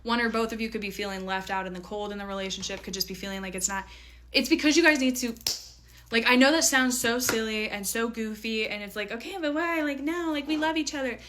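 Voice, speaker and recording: A woman's voice: mid-range voice, quick pace, a bit bright, a little hiss or hum. Chatty woman giving a tarot reading. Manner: chatty, filler-heavy, playful. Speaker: tarot reader. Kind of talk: casual tarot reading to viewers.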